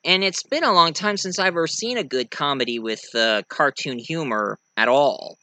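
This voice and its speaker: A young man giving a rambling, excitable casual movie review. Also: on the high side, moderate pace, dry recording.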